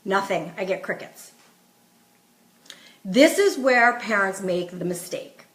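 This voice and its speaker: A woman's voice: medium pitch, animated, slow. A middle-aged woman, a parenting coach, talking casually and emphatically to viewers, giving firm instructions and quoting what she tells her kids. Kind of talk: casual live-stream talk to viewers. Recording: echoey room.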